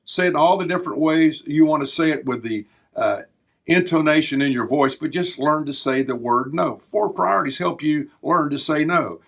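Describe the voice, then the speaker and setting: A man's voice: a little high, moderate pace, gravelly. An older man hosting a devotional podcast, talking in an earnest, preacherly way as he works through a numbered list. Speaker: podcast host.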